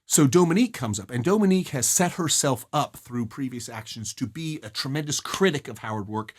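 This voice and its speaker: A man presents a study guide in an earnest, emphatic way. His slightly husky voice swings widely in pitch and jumps high on the words he wants to stress. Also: lively intonation, fairly quick. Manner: earnest, emphatic, rises sharply on key phrases. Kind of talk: explaining a novel's scene and song lyrics.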